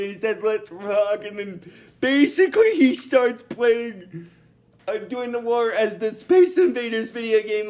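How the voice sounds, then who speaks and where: Man, very high voice, slow unhurried delivery, rambling episode recap, lots of fillers. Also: darkish tone. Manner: rambling, with many restarts and fillers; bursts into giggly fits.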